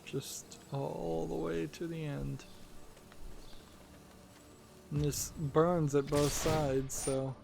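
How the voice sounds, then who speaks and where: A man's voice: fairly high pitch, flat delivery, very slow, creaky, long pauses, noisy background. A man hosting a let's-play, giving casual commentary while thinking aloud with lots of fillers. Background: game music.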